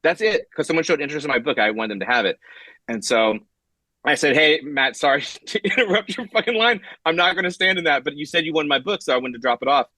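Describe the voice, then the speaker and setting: A man's voice: a little high, fast, no echo. A man being interviewed as a guest comic writer, telling stories casually with lots of fillers and acted-out quotes. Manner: animated, acts out quotes, many fillers and restarts.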